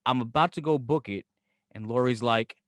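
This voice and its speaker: A man's voice: mid-range voice, normal speed, dry recording, studio quality. A man with a New York accent, co-hosting a podcast, animatedly telling profane stories and acting out other people's lines. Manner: animated storyteller, acts out quotes, profane, laughs often. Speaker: podcast co-host. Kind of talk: casual podcast banter.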